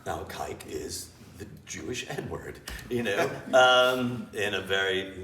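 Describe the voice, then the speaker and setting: A man's voice: on the low side, slow pace, recorded from a distance. Blunt, profane man in echoey theater. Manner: blunt and profane, freely swearing; animated storyteller who acts out scenes. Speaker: improv teacher and interview guest. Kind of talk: candid storytelling before a live audience. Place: small theater with a live audience. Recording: echoey room, voice from afar, faint ambience.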